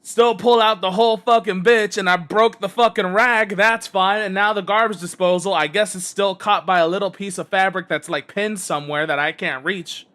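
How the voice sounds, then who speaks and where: Brief: male streamer, high bright voice, exasperated cursing rant while gaming. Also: fairly even intonation, normal speed, few pauses. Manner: exasperated, heavy swearing.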